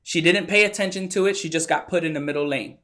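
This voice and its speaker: Higher-pitched man telling a motivational story. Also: fast. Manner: animated storyteller who acts out the quotes. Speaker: motivational speaker.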